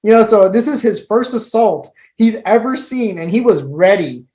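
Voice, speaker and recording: A man's voice: sits high, moderate pace, darkish tone, low-quality recording. Laid-back joking man on a podcast. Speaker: guest. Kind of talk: casual podcast storytelling.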